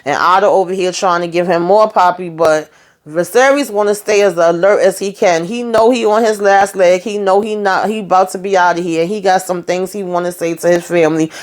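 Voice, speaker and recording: A woman's voice: lowish voice, fairly even intonation, fairly quick. Chatty sassy woman recapping a show. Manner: chatty, sassy asides, many fillers. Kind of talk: casual recap commentary.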